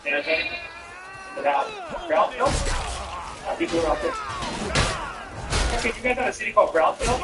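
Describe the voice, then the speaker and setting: Streamer, male, high lively voice; cursing, rambling incredulous chatter, off-mic in an echoey room with music playing. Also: moderate pace, creaky, pauses often, recorded from a distance. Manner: profane, rambling, incredulous banter. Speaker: streamer and stand-up comedian. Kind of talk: casual gameplay chat with viewers.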